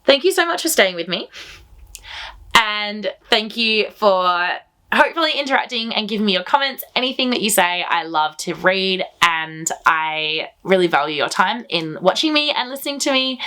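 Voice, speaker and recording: A woman hosting a knitting video, talking casually and eagerly straight to her viewers. Her voice sits at an ordinary middle pitch, and she rambles happily from one thought to the next. It sounds like an easygoing chat recorded at home. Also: normal speed, bright, forceful tone. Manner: enthusiastic, chatty, rambling. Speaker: knitting podcast host.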